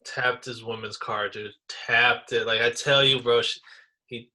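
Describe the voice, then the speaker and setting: A man co-hosting a podcast, telling stories in a casual, animated way, full of slang like bro and dude. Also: medium pitch, measured pace. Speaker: podcast co-host. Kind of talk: casual chat.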